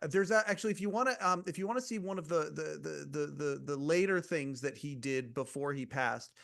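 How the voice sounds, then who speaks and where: A man hosting a casual interview podcast, giving quick affirmations and talking with many fillers and restarts. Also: fairly high pitch, gravelly, fairly bright tone. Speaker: podcast host.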